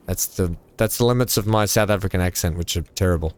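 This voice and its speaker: A man with a fairly low voice talks his way through a building game from home. He rambles, cracks small jokes and thinks out loud at an easy, casual pace. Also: brisk, few pauses, clear, resonant tone, dry recording. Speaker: gaming channel host. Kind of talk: casual let's-play commentary.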